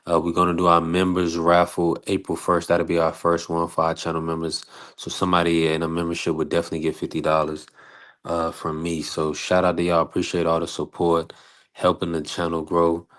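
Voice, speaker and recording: Male stream host, low flat voice, easygoing filler-heavy shout-outs. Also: brisk. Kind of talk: live-stream boxing talk show.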